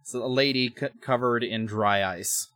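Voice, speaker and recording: A man's voice: medium pitch, normal speed, a bit bright. A man co-hosting a podcast, recapping an episode in casual chat, rambling with restarts and wry asides. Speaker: podcast co-host.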